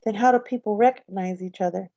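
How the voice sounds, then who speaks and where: A hushed, grieving little boy, as a woman reads him. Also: medium pitch, fast, dry recording, lightly acted. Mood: hushed, sad. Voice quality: soft, hushed. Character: gentle, sad young boy, grieving. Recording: slightly dull, dry recording.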